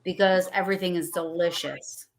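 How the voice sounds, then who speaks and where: A woman with a slightly low voice tells stories in a rambling, excited way, jumping back to act out each quoted line. It sounds like a casual livestream chat. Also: normal speed.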